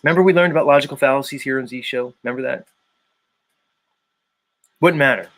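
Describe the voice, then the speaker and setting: A livestream host with a mid-range, somewhat bright voice speaks briskly in a casual chat. He argues his points and reads out the names of people in chat.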